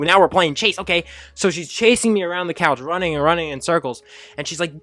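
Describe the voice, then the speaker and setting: Man, casual storytime narration, rambling and self-correcting, high excited jumps when quoting himself as a kid, fairly high voice. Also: a little fast, dry recording. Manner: animated, acts out his childhood self with sudden high excited jumps. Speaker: storyteller host.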